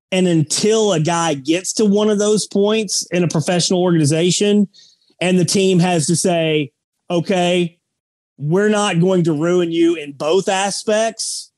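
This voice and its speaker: A man's voice: high voice, darkish tone, no room sound. A man co-hosting a sports podcast, talking bluntly and emphatically in a joking, casual way. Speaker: podcast co-host.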